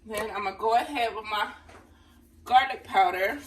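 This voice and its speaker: This cooking vlogger talks at a moderate pace in a mid-range voice, addressing viewers as honey while she makes dinner at home. She's positioned far from the mic, with faint room noise in the background.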